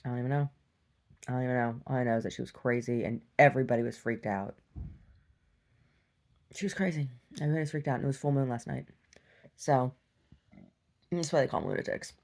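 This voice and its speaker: A young adult woman telling a story in a casual, animated vlog rant, laughing and swinging between loud outbursts and hushed asides. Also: very deep voice, quick pace, long pauses. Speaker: vlogger.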